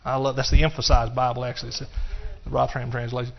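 A pastor with a medium-pitched, creaky voice preaches fast with a flat delivery, yet builds the sermon emphatically into shouts of hallelujah. The church recording is muffled and lo-fi.

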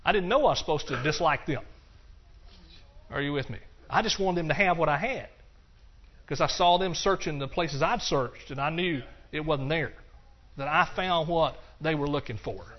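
Older guy preaching his testimony, kinda high voice, dull lo-fi sound, goes quiet then fired up. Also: normal speed. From Texas. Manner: earnest, repetitive, with quiet hushed stretches and rising passionate bursts. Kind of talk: testimony sermon. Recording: dull lo-fi recording.

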